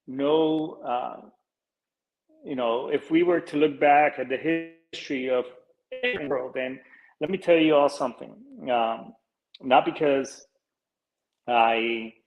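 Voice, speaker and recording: A Colombian-born podcast host in his forties talks earnestly but rambles casually, with many fillers, restarts and offhand swearing. His mid-range voice moves at a slow pace with long pauses. The audio is dull.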